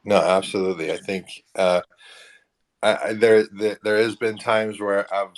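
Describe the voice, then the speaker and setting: A man with a low voice in his forties tells stories in a casual online audio chat. He is animated and self-mocking, and laughs often. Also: measured pace.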